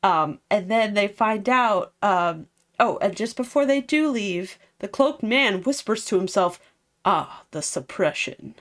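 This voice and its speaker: A woman's voice: medium pitch, unhurried. A woman casually recapping a video game story, chatty and rambling. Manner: chatty, rambling, lots of fillers. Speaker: game streamer.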